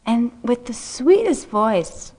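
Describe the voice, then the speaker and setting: A middle-aged woman meditation teacher telling a personal story in a dharma talk, unhurried and gentle, laughing softly often. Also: a little high, big pitch swings, slightly rough. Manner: unhurried, gentle, frequent soft laughs and "you know".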